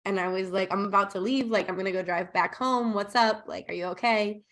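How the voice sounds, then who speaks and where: A woman guest on a podcast, retelling a client story in a bubbly, animated way, acting out what people said. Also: mid-range voice, fairly quick. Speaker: podcast guest, operations consultant. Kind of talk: casual storytelling in interview.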